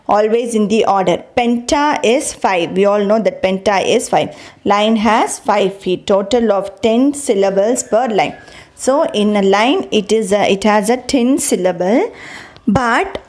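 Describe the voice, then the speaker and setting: A woman teaching a literature lesson, explaining step by step, repeating points and restarting her sentences. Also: mid-range voice. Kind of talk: recorded lecture.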